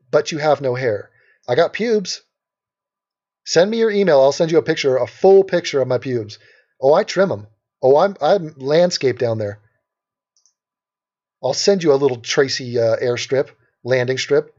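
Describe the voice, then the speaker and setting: A man's voice: medium pitch, animated, normal speed, pauses often, darkish tone. A man from Los Angeles hosting a casual livestream, brash and sarcastic as he reads out and answers questions from the chat. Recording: dull lo-fi stream audio.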